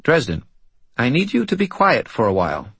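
A man voicing a weary bald male medium who talks in a quiet, measured, rasping way. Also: medium pitch, wildly swooping pitch, no echo, voice pushed up, exaggerated voice. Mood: calm, focused.

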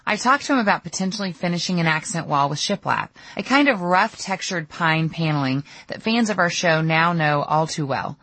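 A woman's voice: on the low side, lively intonation, brisk, few pauses, fairly bright tone, no room sound. A middle-aged woman narrating her own audiobook memoir in a candid, storytelling way. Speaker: author reading her memoir.

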